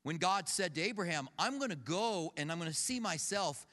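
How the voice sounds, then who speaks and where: A man preaching in a conversational way, his voice a little higher than most men's and carried by the long echo of a big hall. He tells personal stories and acts out what people said in lively bursts. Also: moderate pace. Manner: storytelling, acts out quoted voices, animated. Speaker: pastor. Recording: long reverb of a large hall.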